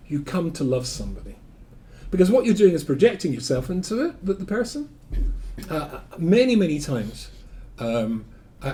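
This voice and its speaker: An older man with a Scottish accent teaches as a rabbi, mixing anecdotes and wry humor. His voice sits a little high and moves all over the place in pitch. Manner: animated storytelling with humor and asides. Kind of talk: lecture.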